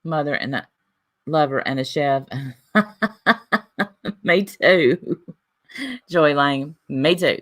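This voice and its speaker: A woman's voice: sits low, drawn-out words, long pauses, fairly bright tone. A woman in her forties hosting a casual livestream, chatting and reading viewer comments aloud. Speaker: livestream host reading chat.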